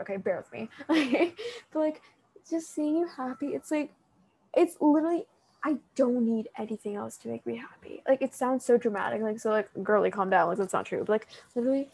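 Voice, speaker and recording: A young woman talks straight to a close friend in a long, rambling, heartfelt monologue, her sentences full of fillers and restarts. Her voice is warm and mellow, set a little high, and she stands while she speaks. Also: husky. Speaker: vlogger addressing a friend. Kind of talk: emotional casual monologue.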